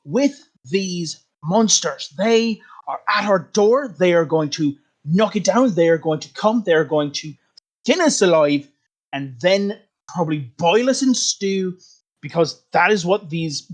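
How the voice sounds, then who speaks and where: A man voicing a loud, ranting figure who calls for war. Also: high voice, animated, unhurried. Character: loud warmongering figure, fearful of monsters.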